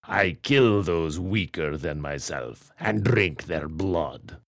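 A man's voice: low voice, animated, slow pace, creaky, no echo, studio quality, full character voice. A man voicing a vain, theatrical male vampire who declaims melodramatically. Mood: boastful.

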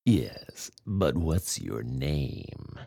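A man's voice: a bass voice, big pitch swings, very slow, vocal fry, dark tone, slightly rough, no room sound, studio quality, pitched below the performer's own voice, heavily acted. A man voicing a lazy, smug male alley cat in a bored, dismissive drawl.

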